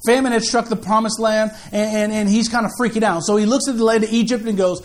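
Male pastor, sermon, high-pitched voice, animated conversational preaching, repeats himself as he goes. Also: quick pace, hardly any pauses.

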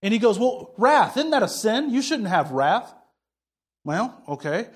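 A man's voice: high-pitched, very animated, measured pace, husky. A man preaching a sermon, talking in a conversational way, telling stories and acting out both sides of a conversation. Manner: conversational preaching, tells stories and acts out dialogue. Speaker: pastor.

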